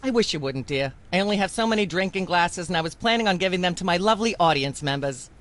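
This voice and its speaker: A woman's voice: on the low side, expressive, fast talker, lightly acted. A woman playing a pompous female talk-show host. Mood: condescending. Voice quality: theatrical, preachy, condescending.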